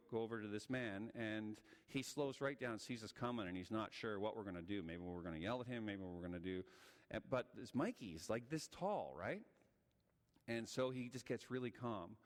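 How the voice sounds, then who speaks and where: A man preaching a sermon, telling a story with lively acted-out quotes. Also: on the low side. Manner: animated, acts out the voices in his story. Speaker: guest speaker. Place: church sanctuary. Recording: church hall reverb.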